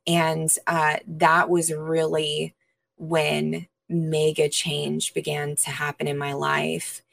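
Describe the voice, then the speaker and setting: A woman interview guest, a minister, earnestly telling her personal testimony with pauses and frequent fillers. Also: low-pitched, vocal fry.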